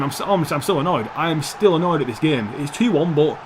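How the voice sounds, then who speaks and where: Sweary, excitable gamer commentating. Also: male voice, a little high, fast, background noise. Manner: sweary, excitable, talks to the players on screen. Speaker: gaming YouTuber. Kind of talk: gameplay commentary.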